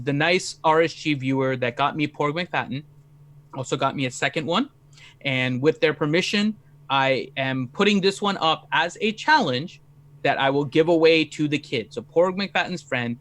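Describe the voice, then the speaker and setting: Upbeat male co-host, slightly high voice, playful. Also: fairly bright tone. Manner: upbeat, playful, announcing a giveaway. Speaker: livestream co-host. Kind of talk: casual gaming livestream chat.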